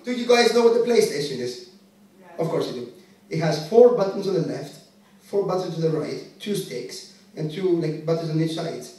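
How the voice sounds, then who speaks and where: A Greek stand-up comedian with a high voice works the crowd at normal speed on a comedy club stage, deadpan and conversational as he teases the audience. It's recorded from a distance, so the room sounds boomy and echoey.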